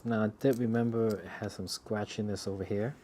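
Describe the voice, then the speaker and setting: A watch hobbyist speaks in a lowish, dark voice that runs a little fast with fairly even intonation, over a slight hiss or hum. He rambles and jokes like a storyteller, muttering remarks about his hobby project as he works. Faint sanding and rubbing sounds can be heard behind him.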